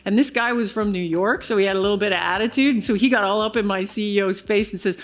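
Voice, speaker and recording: A woman's voice: mid-range voice, quick pace, few pauses, soft background music. A woman giving a conference keynote, telling a business story and acting out the other people's lines. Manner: animated storyteller acting out quoted dialogue. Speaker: keynote speaker. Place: large conference hall stage.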